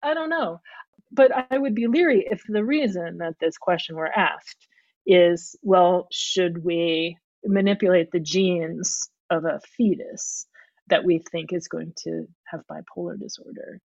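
A woman's voice: fairly low pitch, unhurried, vocal fry, darkish tone, no echo, highs cut off. A woman speaking as a guest, thinking aloud carefully and often restarting her sentences. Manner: thoughtful, searching, frequent restarts. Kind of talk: reflective conversation.

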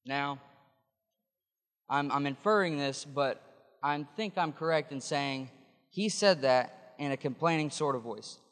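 A man's voice: a little high, unhurried, fairly bright tone, big-room sound. A man preaching a sermon, explaining scripture in a conversational way with frequent restarts. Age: adult.

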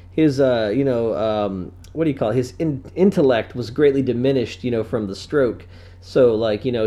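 A man's voice: mid-range voice, dark tone. A young man from North Carolina telling rambling stories in casual chat. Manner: rambling storyteller, acts out family members.

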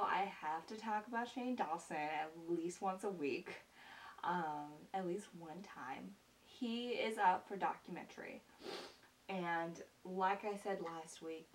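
A young woman talks casually to her viewers in an earnest, gushing way, circling back with ums and repeated words. Her voice sits a little low for a woman. She is recorded from some distance from the mic, and a faint hiss runs underneath. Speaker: vlogger. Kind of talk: casual chat to camera.

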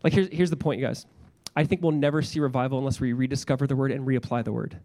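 A man's voice: mid-range voice, steady tone, fast talker, mellow. A young adult man, a pastor, preaching a sermon in a church with an earnest, conversational manner, often restarting his phrases.

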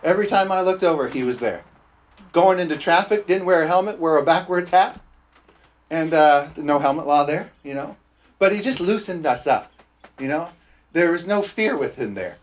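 A man's voice: a little high, lively intonation, moderate pace, dull audio. A man preaching a storytelling sermon in a folksy, laughing way, often tossing "amen?" to the congregation.

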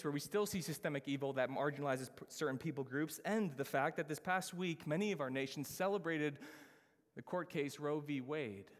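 Emphatic preacher man in reverb. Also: on the high side. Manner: emphatic, with slow stressed phrases. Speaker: pastor. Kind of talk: sermon.

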